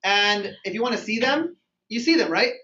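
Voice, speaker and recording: A man giving an energetic sales training talk to a group in a meeting room, acting out phone calls and dialogues. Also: sits high, moderate pace. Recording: echoey room, far from mic, dull sound.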